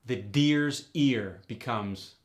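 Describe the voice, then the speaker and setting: A middle-aged man teaching an accent lesson at an unhurried pace. He talks in a medium-pitched voice and lays each point out methodically, one example at a time. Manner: methodical, explains step by step with examples. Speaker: accent coach. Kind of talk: instructional explanation.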